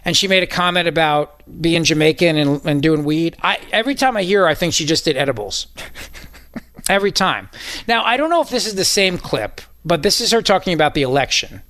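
A man's voice: a little high, animated, fairly quick, fairly bright tone, dry recording. A man hosting a talk radio show, joking sarcastically and sounding incredulous in casual studio banter. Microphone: studio microphone.

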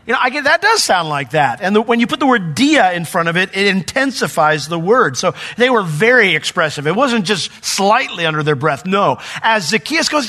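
Animated man preaching a sermon. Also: sits high, brisk, hardly any pauses. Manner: animated storyteller, voice jumps up when acting out the crowd; drops to a soft, hushed tone for personal testimony. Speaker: pastor.

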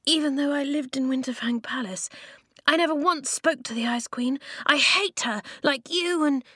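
A woman voicing an earnest young girl who is quick to defend herself, in a breathy, near-whispered storybook reading. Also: high-pitched, sharp tone, no room sound, studio quality, voice pushed up.

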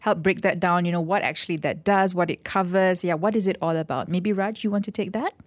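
A woman hosting a radio interview, steering her guests with brisk guiding questions. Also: on the low side, steady tone, no room sound, studio quality. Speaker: radio host. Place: radio studio.

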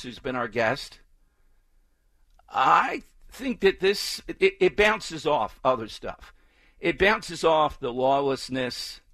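A man hosting a talk radio show delivers an emphatic, opinionated monologue packed with repetition and mocking chants in exaggerated inflection. His mid-range voice is a bit bright, with no echo.

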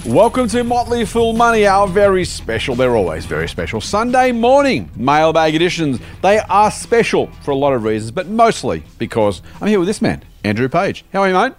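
A man's voice: high voice, wildly swooping pitch, a little fast, few pauses, soft background music. A man hosting a casual podcast, reading listener mail in a jokey, conversational way. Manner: jokey, conversational, lots of fillers. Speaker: podcast host.

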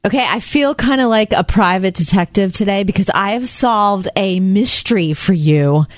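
A woman co-hosting a casual talk show, chatty and quick to laugh as she tells stories. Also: mid-range voice, lively intonation, no echo. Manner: chatty, laughs often, storytelling. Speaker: radio show co-host. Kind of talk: casual morning show banter.

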